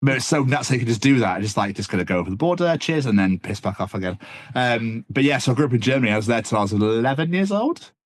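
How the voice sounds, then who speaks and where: A man's voice: mid-range voice, lively intonation, quick pace. A man with an English accent chatting casually as a podcast guest, rambling and tossing in "man" often. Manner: rambling, laughs often, says "man" a lot.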